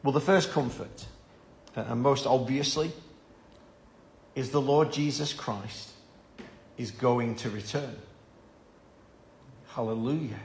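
A man's voice: medium pitch, creaky, roomy sound, slight background noise. A man preaching an evening Bible-study sermon, earnest and given to repeating words as he stresses a point.

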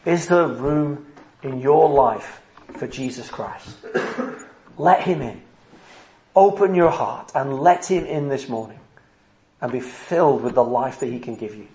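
A man's voice: mid-range voice, animated, measured pace, pauses often, mellow. A man preaching a sermon at a church service, earnest and driving his points home with rhetorical questions. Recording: roomy echo.

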